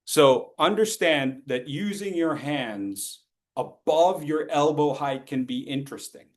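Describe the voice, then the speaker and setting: Animated male speech coach, playful. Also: on the high side, measured pace. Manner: animated, playful, acts out students and sound effects. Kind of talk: lively training talk.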